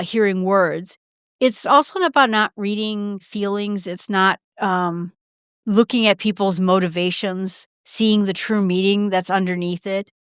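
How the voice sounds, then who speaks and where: Woman podcaster, talkative solo host, smooth resonant voice, close and dry. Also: mid-range voice, no room sound. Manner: chatty, quick asides with fillers and restarts; acts out short quoted exchanges in her own voice. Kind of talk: casual solo podcast talk.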